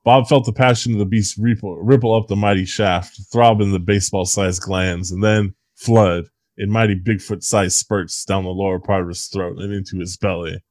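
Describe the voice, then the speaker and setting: Low, deadpan male reader. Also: normal speed, hardly any pauses, dry recording. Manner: deadpan mock-serious narration. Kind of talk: dramatic comic reading.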